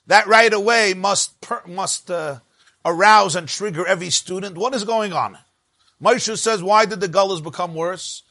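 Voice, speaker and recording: A man's voice: sits high, unhurried, sharp tone, no echo. A man with teaching a Torah lesson, rising and dropping sharply for emphasis. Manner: emphatic, rises and drops sharply for stress.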